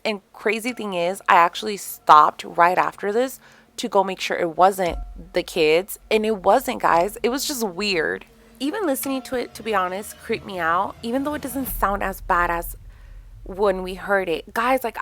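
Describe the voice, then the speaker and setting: A woman in her thirties hosting a casual podcast, telling stories animatedly with lots of fillers and a few phrases. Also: mid-range voice. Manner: animated storytelling, many fillers, Spanish phrases mixed in. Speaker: podcast host.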